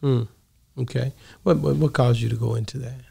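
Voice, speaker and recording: Gravelly, husky-voiced podcast host. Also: male voice, medium pitch, steady tone, normal speed, dark tone. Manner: loose, hype-man delivery. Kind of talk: casual interview chat.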